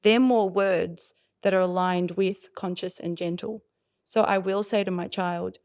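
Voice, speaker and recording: A woman in her forties coaching on parenting, her voice carrying a gravelly fry. She explains with expressive energy and slips into quick impressions of parents and kids. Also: fairly low pitch. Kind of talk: animated explaining in a podcast interview.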